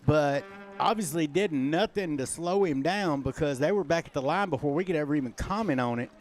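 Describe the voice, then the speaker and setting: A man with a Texan accent giving relaxed, conversational color commentary on a high school football game. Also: fairly quick.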